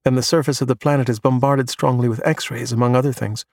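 A man voicing a bright young male pupil who recites facts eagerly. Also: medium pitch, steady tone, fast, no room sound, studio quality, close to an everyday voice. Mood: earnest.

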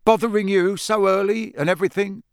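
A man's voice: high voice, steady tone, fairly quick, clear, resonant tone, no room sound, studio quality, pitched above the performer's own voice, natural voice. A man voicing a harried middle-aged male wizard official who talks in an urgent, complaining rush. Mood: apologetic.

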